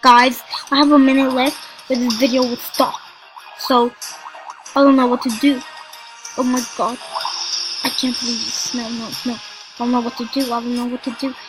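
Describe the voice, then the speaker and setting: High-voiced excitable woman with music behind. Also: moderate pace, long pauses, low-quality recording. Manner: excitable, repeats phrases, talks to viewers. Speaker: gaming video creator. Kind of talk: casual game commentary.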